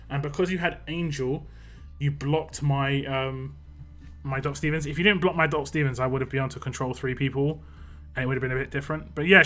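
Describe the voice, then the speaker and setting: Chatty young male game streamer, bright voice. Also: on the high side. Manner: chatty, greets chat viewers by name and thanks them; excitable when hoping for lucky results. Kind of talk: live-stream gameplay chat.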